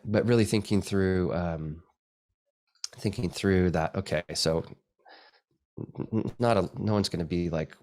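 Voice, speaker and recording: A low-voiced photographer presents his work in a casual talk with slides, rambling, restarting often, and making soft-spoken asides. It's recorded in a dry event space with a live video call.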